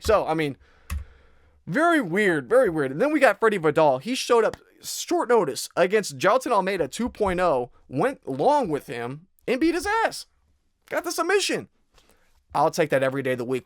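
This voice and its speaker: A man's voice: a little high, no room sound, clean studio sound. Blunt profane young man breaking down fights. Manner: blunt, profane, rambling with restarts. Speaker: MMA betting analyst host.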